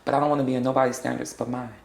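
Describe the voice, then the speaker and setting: Sassy, gravelly-voiced woman, roomy echo. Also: very deep voice, flat delivery, rapid-fire, a little mellow, slight background noise. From South Florida. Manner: blunt, sassy, laughs often. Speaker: interview guest. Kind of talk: candid sit-down interview.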